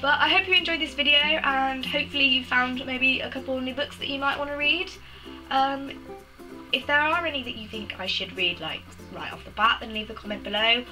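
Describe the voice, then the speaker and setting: A young woman in casual chat as a book vlogger, bubbly and full of quick asides, with music behind. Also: high-pitched, low-quality recording.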